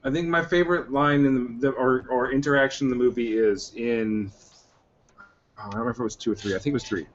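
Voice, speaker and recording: A man's voice: medium pitch, fairly even intonation, fast. A man chats casually on a movie podcast and rambles through his points. The sound is dull and lo-fi. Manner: rambling, retells scenes. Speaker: podcast co-host.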